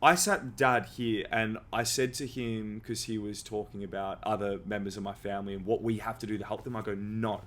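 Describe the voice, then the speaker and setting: A man's voice: on the low side, steady tone, brisk, hardly any pauses, a bit bright, a little hiss or hum. A young man who hosts a podcast. He tells a personal story in a candid, casual way and swears freely. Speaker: podcast host.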